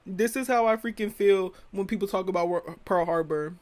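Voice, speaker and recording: A woman's voice: mid-range voice, normal speed, darkish tone. A young woman hosting her own show, ranting her opinions in a sassy, dramatic, blunt way and swearing freely. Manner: sassy and dramatic, keeps calling the listener "girl". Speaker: podcast host. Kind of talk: casual opinion rant.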